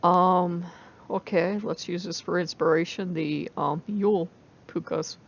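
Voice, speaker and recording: A woman's voice: lowish voice, steady tone, a little slow, gravelly, dull audio. A woman telling a story in a loose, chatty way, with many fillers. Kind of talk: casual spoken storytelling.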